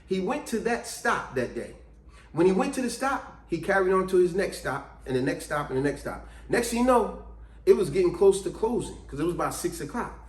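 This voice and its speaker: A man telling a story in a chatty, casual way, with a high voice and lively swings in pitch. He laughs easily, and an echoey room surrounds the voice. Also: brisk.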